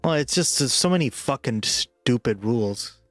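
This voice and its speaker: A man's voice: mid-range voice, expressive, moderate pace, fairly bright tone, no room sound. A man livestreaming and chatting casually with viewers, rambling and full of "like" and "right?", with faint music behind him.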